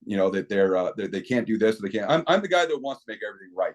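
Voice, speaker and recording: Guest, middle-aged man, low voice, animated storyteller who restarts sentences. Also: racing, few pauses. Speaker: podcast guest, equipment company owner. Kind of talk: casual interview talk.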